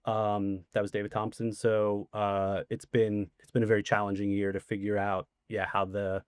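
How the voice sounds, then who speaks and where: A man's voice: on the low side, little pitch movement, normal speed, clear, resonant tone, no room sound, studio quality. A man in his forties, a guest in a casual interview, telling rambling anecdotes full of fillers. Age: 40s.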